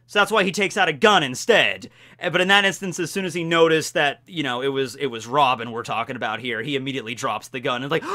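A young man talking through an anime recap in a casual vlog, with enthusiastic, animated storytelling. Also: mid-range voice, quick pace. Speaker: anime commentator.

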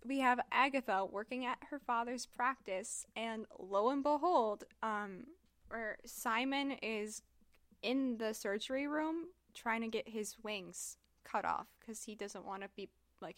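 Chatty woman with a higher voice. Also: a bit bright, no echo, studio quality. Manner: chatty, heavy use of "like" and "um". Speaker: podcast co-host discussing a book. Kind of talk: casual chat.

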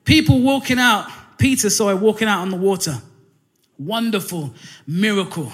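A man preaching a sermon, animated, often saying "listen" and "um" between phrases. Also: high-pitched, normal speed.

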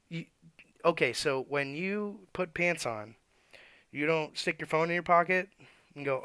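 A man's voice: on the high side, animated, normal speed, bright, forceful tone, no room sound. A man who works as an auto mechanic, telling shop stories in a blunt, profane, ranting way. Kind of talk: casual storytelling rant.

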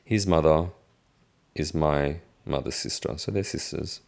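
Deep gravelly young man, candid. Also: big pitch swings, normal speed, a little mellow. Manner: frank and casual, swears freely, restarts sentences. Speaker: vlogger. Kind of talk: candid personal storytelling to camera.

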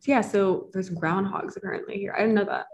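A woman's voice: mid-range voice, a little fast, creaky, darkish tone, muffled recording. A young woman, a college student, chatting casually on a video call and filling her talk with "like" and giggles. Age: young adult. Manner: chatty, many "like" fillers, giggly. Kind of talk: casual catch-up chat.

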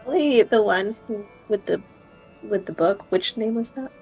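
A woman's voice: fairly high pitch, animated, moderate pace, vocal fry, darkish tone, soft background music, rough recording. A woman player in a tabletop game, tentative and thinking aloud.

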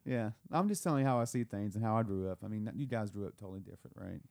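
A man's voice: lowish voice, very fast, gravelly, darkish tone, no room sound. A man from the American South co-hosting a podcast, telling a family story in a rambling way with restarts and laughs. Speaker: podcast co-host. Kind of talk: casual chat.

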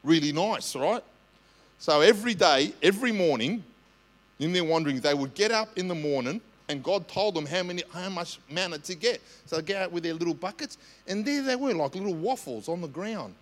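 A man with an Australian accent, a senior pastor telling stories in a lively, conversational sermon, often asking "right?". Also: high-pitched, a little fast. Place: church. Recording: long church hall reverb.

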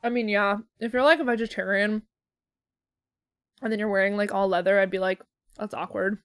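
A woman's voice: medium pitch, steady tone, a little fast, fairly bright tone, clear, resonant tone, dry recording, studio quality. A woman in casual comedic chat, wry and profane, often laughing.

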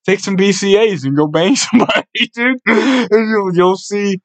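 A young man hosting a casual podcast, telling rowdy stories full of swearing and animated voices for the people in them. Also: high voice, moderate pace. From Buffalo, New York area. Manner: loud, swearing, storytelling with animated impressions. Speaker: podcast host.

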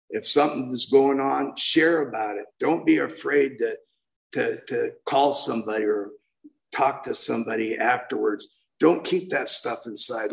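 An older man in his sixties tells his recovery story to a meeting, heartfelt and meandering. His voice is gravelly, with a middling pitch, and he keeps restarting his sentences. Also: rough recording. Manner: heartfelt, rambling, with many restarts. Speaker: main speaker at a recovery meeting. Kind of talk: personal recovery share.

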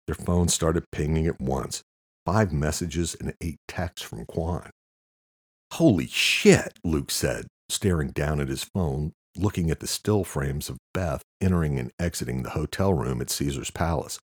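Deep, husky male audiobook narrator. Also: moderate pace, darkish tone, no room sound, studio quality. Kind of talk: scripted narration.

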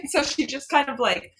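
A woman's voice: high voice, lively intonation, measured pace, fairly bright tone. A woman playing a tabletop game, describing her character's actions with fillers. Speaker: player.

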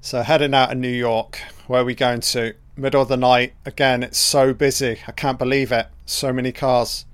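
A man giving a casual, profane watch-along commentary on a film, reacting out loud to what is on screen. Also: medium pitch, flat delivery, normal speed, few pauses, smooth, dry recording.

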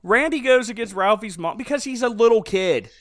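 This is a man with a high, bright, forceful voice, recapping a movie in casual chat. He tells the story animatedly and laughs often. The sound is close and dry, with no room echo. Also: expressive, fairly quick. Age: adult father.

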